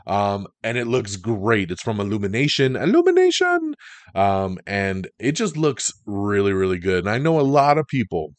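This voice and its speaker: A man hosting a podcast, running through entertainment news in a casual, animated way. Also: fairly low pitch, normal speed, few pauses, no echo. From Italian heritage. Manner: animated, chatty, breaks into goofy impressions. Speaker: podcast host.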